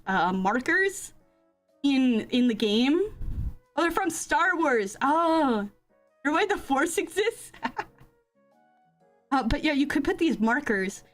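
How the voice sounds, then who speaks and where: Young woman, high voice, giggly, rambling casual chat, desk mic, faint music behind. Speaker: streamer. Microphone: desk microphone.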